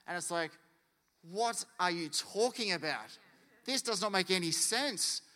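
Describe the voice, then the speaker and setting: A man preaching a sermon, animated and acting out quotes and stories. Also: high-pitched, a little slow. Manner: animated, acts out quotes and anecdotes. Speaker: pastor. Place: church hall. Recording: long church hall reverb.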